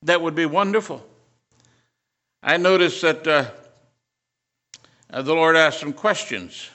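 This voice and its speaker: Older guy preaching, bright ringing voice, a bit high, tells stories then gets fired up. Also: slow pace. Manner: storytelling, rising to fervent emphasis. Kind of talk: sermon.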